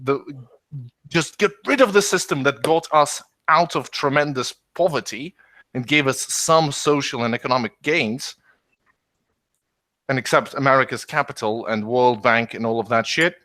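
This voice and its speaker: A man co-hosting a podcast, making long, animated political arguments in casual discussion. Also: mid-range voice, normal speed, no echo. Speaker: podcast co-host.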